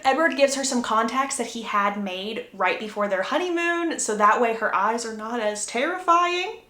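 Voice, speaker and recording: A young woman with a fairly high voice talks through a story recap in a chatty, wry way. Her voice rings in a roomy, echoey space. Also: expressive, moderate pace, pushed and bright. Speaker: book recap creator. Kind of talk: casual plot recap. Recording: roomy echo.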